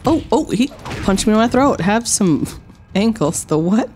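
A woman streaming a wrestling game, trash-talking with playful sarcasm, dropping low for tough lines and yelping high when surprised. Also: expressive, unhurried, a little mellow, faint music behind. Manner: swings between low mock-tough lines and high yelps. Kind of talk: live gameplay commentary.

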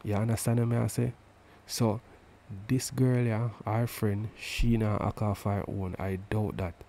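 Man streaming, gravelly and husky, dark tone; talks in a broken, patois-tinged English, mocking. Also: on the low side, steady tone, unhurried, a little hiss or hum. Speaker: live stream commentator. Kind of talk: mocking live commentary.

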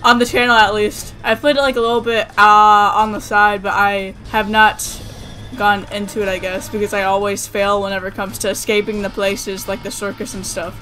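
A gaming channel host giving let's-play commentary, jumpy and excitable, breaking into sudden yelps and nervous chatter while playing. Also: medium pitch, normal speed, faint music behind.

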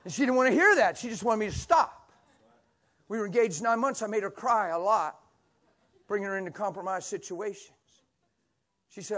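A man in his sixties preaches a sermon in church, telling stories animatedly and swinging between loud exclamations and a soft near-whisper. His voice is high-pitched, at a moderate pace, with frequent pauses.

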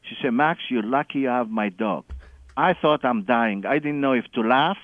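A man's voice: medium pitch, moderate pace, no room sound. A man calling in to a radio show, telling a long story with lots of chuckles and acting out the people he quotes. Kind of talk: animated phone-in storytelling. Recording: dull phone-line call on radio.

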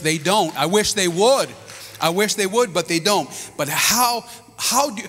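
A man in his fifties, a pastor preaching a sermon to his congregation with lively storytelling. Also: high-pitched. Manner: animated preaching with storytelling asides. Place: church sanctuary. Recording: reverberant church hall.

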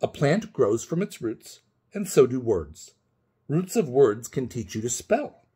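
A man's voice: mid-range voice, big pitch swings, warm tone, slightly rough, full character voice. A man voicing a frail, cranky old woman who scolds and lectures, in a storybook read-aloud. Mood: stern. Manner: cross, scolding, slow and stern when teaching.

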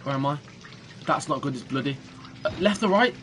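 Young british dude playing a horror game, voice bouncing all over, lots of noise behind. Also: male voice, mid-range voice, animated, brisk, a bit bright. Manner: jumpy, swearing, crude jokes. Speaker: gaming streamer.

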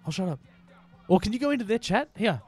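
A man streaming a game who talks to his chat in a loose, excitable way, full of filler words. His voice sits a touch high and swings widely in pitch. Faint music plays behind him. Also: fast talker, breathy edge. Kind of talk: live-stream casual chat.

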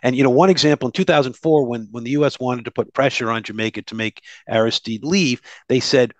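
A man's voice: mid-range voice, fast talker, no room sound. A man being interviewed as a human rights advocate, explaining in an earnest way with frequent restarts. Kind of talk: podcast interview conversation.

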